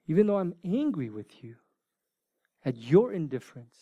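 A man in his forties preaching a sermon, informal and joking, dropping from loud bursts to hushed near-whispers. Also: on the high side, sing-song, normal speed, pauses often, no echo. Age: 40s. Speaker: pastor.

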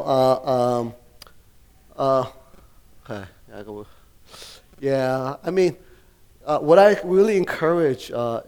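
A man's voice: mid-range voice, darkish tone. A middle-aged male pastor preaching a sermon, rambling with many fillers and restarts and laughing often as he talks.

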